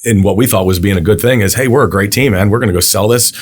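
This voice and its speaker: A man with a very deep voice who rattles along at a quick clip. As a guest in a relaxed interview, he doubles up words at the start of his thoughts. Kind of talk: casual conversational interview.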